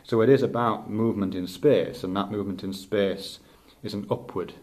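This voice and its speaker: A middle-aged male teacher thinking aloud in a halting, reflective way, with many restarts. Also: lowish voice, fairly even intonation, a little mellow. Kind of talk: unscripted spoken reflection.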